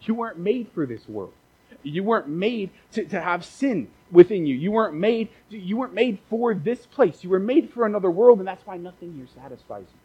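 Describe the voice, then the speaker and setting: A man's voice: high voice, lively intonation, normal speed, slightly rough, highs cut off. A man preaching a casual, conversational sermon as a pastor, repeating phrases for emphasis and dropping joking asides.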